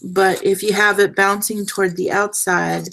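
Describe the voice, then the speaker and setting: A woman's voice: mid-range voice, flat delivery, moderate pace, gravelly, a bit bright, slight background noise, low-quality recording. A young adult woman hosting a casual crafting livestream, chatty and self-deprecating, trailing off mid-sentence as she works with her hands.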